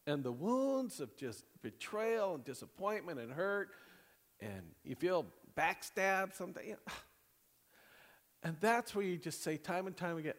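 Male pastor, slightly high voice, preaching with big swings from loud to hushed, chatty and laughing; long church-hall reverb. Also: measured pace. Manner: animated preaching, swinging from loud bursts to hushed near-whispers, laughing often. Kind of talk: sermon. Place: church sanctuary.

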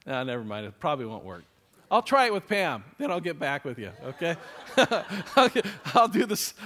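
A man preaching a sermon as pastor, joking and chuckling between points, then slowing and hushing his voice for emphasis. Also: high-pitched. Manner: slows down and hushes for emphasis.

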